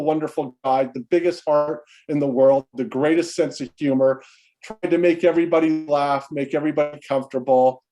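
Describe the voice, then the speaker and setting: Guy on a video call telling a story about his brother, rambly, lots of ums, slightly high voice. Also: dark tone. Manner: rambling, many fillers and restarts. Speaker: brother of the deceased.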